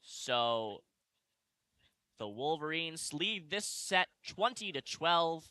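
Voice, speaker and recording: A young man doing live play-by-play sports commentary, calling the action quickly and correcting himself as he goes. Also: a little high, sing-song, sharp tone, dry recording. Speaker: play-by-play announcer. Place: arena broadcast position.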